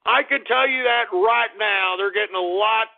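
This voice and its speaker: A middle-aged man with a rather high voice holds forth as a talk radio host, blunt and crude. The audio is narrow and tinny, like it's coming over a phone line. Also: normal speed, vocal fry. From Texas. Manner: blunt, crude, opinionated ranting. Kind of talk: ranting call-in radio talk.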